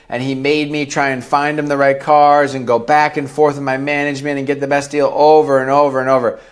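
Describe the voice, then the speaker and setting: A man in his thirties, a podcast guest telling candid stories in a blunt, profane way. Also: on the high side. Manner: blunt and profane, acts out quoted dialogue. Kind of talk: candid storytelling interview.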